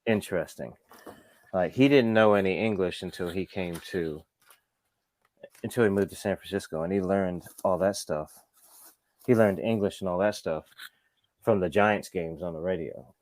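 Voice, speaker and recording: Low-ish guy rambling through skate stories, lots of "like" and "you know", dry close sound. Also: normal speed, long pauses, darkish tone, dry recording. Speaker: skateshop owner, interview guest. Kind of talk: casual storytelling in a sit-down interview.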